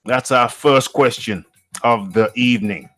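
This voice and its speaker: A man's voice: medium pitch, a little slow, a bit bright, faint music behind. A man from the UK hosting a live show, reading out the chat in a playful, repetitive way and chuckling often. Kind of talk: casual live-stream chat.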